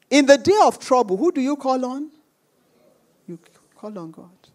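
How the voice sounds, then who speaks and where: A woman's voice: sits high, sing-song, moderate pace, long pauses, a little mellow. A woman preaching a sermon with emphatic repetition, acting out the voices of the people in her stories. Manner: emphatic, repeats phrases, acts out quoted voices.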